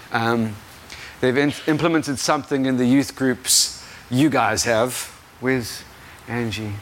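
As a guest preacher, a young adult South African man rambles through an informal sermon, self-deprecating and frequently chuckling at himself. His mid-range voice is a bit bright, with slight background noise.

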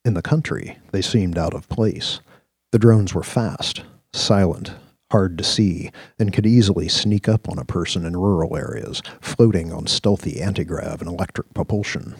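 Very deep, husky male narrator. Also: darkish tone, no echo. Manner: measured, descriptive storytelling. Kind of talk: scripted audio-drama narration.

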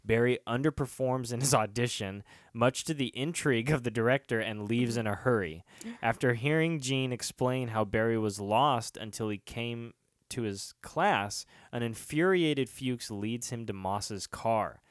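A man's voice: medium pitch, a little slow, no room sound, clean studio sound. A man hosting a casual chat, reading out episode summaries and joking, with frequent swearing and laughter. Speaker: podcast host.

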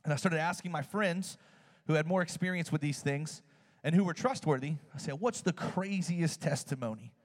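A man preaching in a casual, animated storytelling way. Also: fairly high pitch, fairly quick. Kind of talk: sermon storytelling. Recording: long hall reverb.

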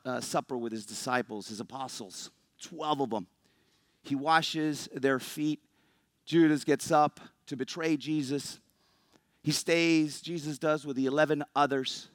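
A man's voice: medium pitch, measured pace, no echo. A man preaching a sermon as pastor, speaking earnestly and conversationally and addressing the congregation directly. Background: soft guitar music.

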